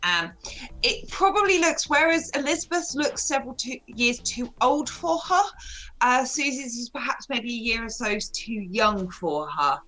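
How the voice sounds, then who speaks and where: A woman with a bright, slightly high voice takes her turn in a tabletop game. She talks in a hesitant, measured way, pausing often on fillers. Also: expressive, low-quality recording. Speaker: player. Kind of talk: casual chat in a tabletop game.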